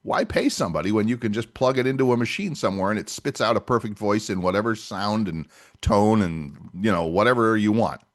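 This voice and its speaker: A man's voice: fairly low pitch, brisk. A man co-hosting a podcast in casual chat, chatty and agreeable, often backing up his co-host.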